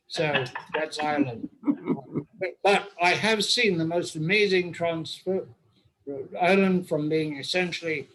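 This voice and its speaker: An older Englishman with an English accent hosts an online roundtable, telling long, wry, humorous anecdotes. His voice is on the high side, with a measured pace and long pauses. The audio is poor, with crowd noise.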